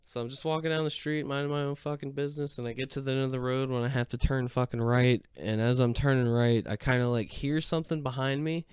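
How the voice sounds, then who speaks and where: A man's voice: medium pitch, steady tone, quick pace, few pauses, clear, resonant tone, dry recording, clean studio sound. A young man casually telling a personal story, swearing freely and mocking himself as he rambles along. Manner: profane, self-mocking, rambling.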